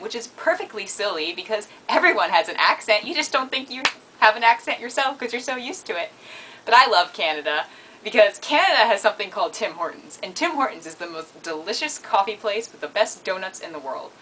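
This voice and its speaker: A young woman vlogging casually and goofily, rambling between jokes with sudden loud, squealing outbursts. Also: mid-range voice, expressive, a little fast, a little hiss or hum, rough recording. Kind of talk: casual comedic vlog.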